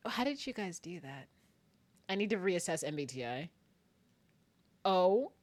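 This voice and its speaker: A woman's voice: on the low side, measured pace. A woman streamer chatting casually and rambling nervously, with frequent giggles. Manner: animated and giggly, frequent laughter; self-described very nervous, rambling with restarts. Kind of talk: casual live-stream chat.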